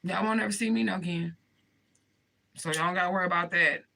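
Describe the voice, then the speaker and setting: A woman's voice: on the low side, fast, gravelly, bright, forceful tone, rough recording. A woman in a direct-to-camera vlog rant, swearing often and pleading with emphatic repetition. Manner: impassioned, pleading. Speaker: vlogger addressing viewers.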